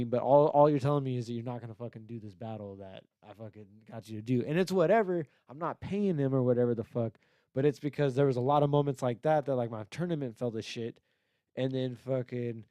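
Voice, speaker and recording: A man's voice: medium pitch, a little fast, mellow, dry recording. A young man hosting a podcast, ranting about a rival with constant swearing and mocking put-on voices. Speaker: podcast host and battle rapper. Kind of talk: profane, ranting podcast talk.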